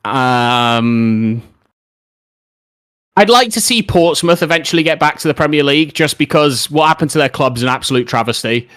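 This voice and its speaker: Chatty streamer talking football. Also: male voice, a little high, lively intonation, normal speed, a bit bright, clear, resonant tone. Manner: rambling, opinionated football talk, reading out chat questions. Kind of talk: casual live-stream chat.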